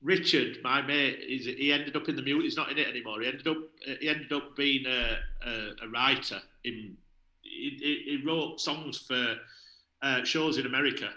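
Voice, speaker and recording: Guest, man, very bright and sharp tone, chatty storyteller, roomy echo. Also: medium pitch, moderate pace. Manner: chatty anecdotes, repeats words, chuckles. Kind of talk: casual chat on a video call.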